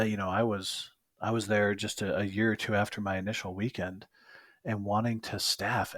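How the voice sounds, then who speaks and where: A man with a lowish voice hosts a podcast interview, recorded without echo. The conversation is casual, and he speaks hesitantly with many fillers.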